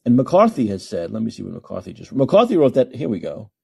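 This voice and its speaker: A man's voice: fairly low pitch, wildly swooping pitch, a little fast, creaky, a little mellow, slightly rough. A man hosting a call-in podcast, ranting emphatically and repeating himself for effect. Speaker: podcast host.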